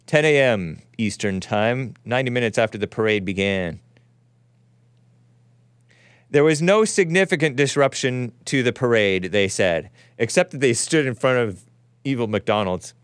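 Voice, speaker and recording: A man's voice: medium pitch, clear, resonant tone, dry recording, clean studio sound. A male host giving rambling, wry live-stream commentary on footage, often chuckling to himself.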